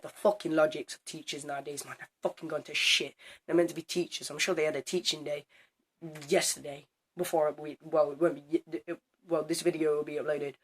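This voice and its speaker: Teen guy ranting into his camera, swears constantly, voice sits a bit high. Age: teens. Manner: animated, swears a lot, acts out both sides of arguments. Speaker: student vlogger. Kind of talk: casual storytelling vlog.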